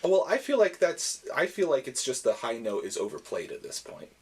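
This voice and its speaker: A man's voice: mid-range voice, wildly swooping pitch, moderate pace. A laid-back man co-hosting a casual podcast chat, often answering with brief agreeing replies. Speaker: podcast co-host.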